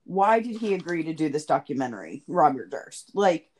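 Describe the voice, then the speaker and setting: A woman's voice: sits low, sing-song, normal speed, darkish tone. A woman co-host in casual chat, musing about the episode in a thoughtful way. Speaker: podcast co-host.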